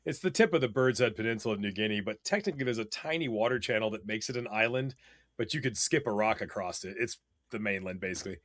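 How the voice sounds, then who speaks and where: A man's voice: on the low side, fast, dry recording. Rambling man telling travel stories. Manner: animated, rambling with many fillers. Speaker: podcast guest. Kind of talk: casual storytelling.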